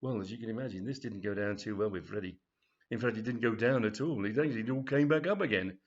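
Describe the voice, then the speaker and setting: A man's voice: on the low side, fast. Male author reading his comic tale, chatty and rambling; dull lo-fi take. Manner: rambling, chatty, many restarts. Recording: dull lo-fi recording.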